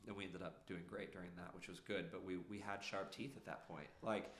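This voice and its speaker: A man's voice: deep voice, fairly even intonation, brisk, a bit bright, roomy sound, slight background noise. A man, a podcast guest telling his story earnestly, rambling with many fillers. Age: 30s. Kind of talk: casual storytelling.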